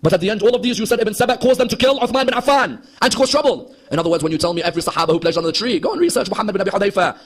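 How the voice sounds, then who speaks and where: A male preacher delivers a heated lecture on religious history at a rapid clip. His voice sits high and carries a husky edge. He throws rhetorical questions at his listeners and slips into the voices of the people he quotes. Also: a bit bright. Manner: impassioned, rhetorical questions to the audience, acts out quoted dialogue. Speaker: Shia preacher.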